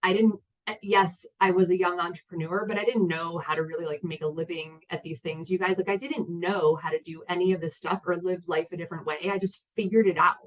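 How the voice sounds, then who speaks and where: A woman in her thirties shares a personal story with an audience in a candid, rambling way, full of fillers and restarts. Her voice sits a little low for a woman. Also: fairly even intonation, a little fast, poor audio. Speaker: guest speaker.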